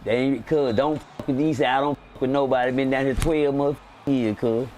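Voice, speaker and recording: A man voicing his old friend from prison, a calm and protective man with a lower voice. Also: a little fast, slight background noise, lightly acted.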